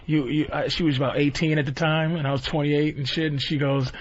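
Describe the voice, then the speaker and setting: High-voiced man telling crude stories. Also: steady tone, brisk. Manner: storytelling, acts out voices of women he met. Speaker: comedian guest. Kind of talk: casual crude radio banter. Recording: dull radio broadcast sound.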